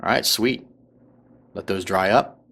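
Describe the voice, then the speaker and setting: A man with a fairly low voice narrates a tabletop crafting tutorial. He talks casually and loosely, full of fillers, and keeps checking in with the viewer. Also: measured pace, vocal fry. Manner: relaxed, filler-heavy, checks in with "right?" and "okay?".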